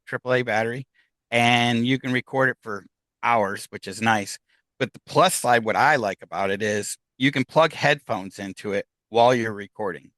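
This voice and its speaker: A man's voice: medium pitch, a bit bright, no room sound. A man who investigates the paranormal, chatting casually in an interview, rambling with many restarts and fillers. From United States.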